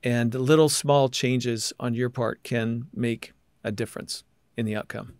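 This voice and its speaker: A male podcast host with a mid-range voice, setting up questions for his guests at length and in a steady, measured manner. The sound is dry and close, with almost no room around it. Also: medium pitch, clear, resonant tone, dry recording. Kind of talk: interview.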